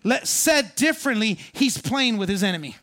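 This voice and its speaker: A man preaching a sermon as pastor, animated, calling on the congregation to respond and jumping up in pitch for emphasis. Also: moderate pace.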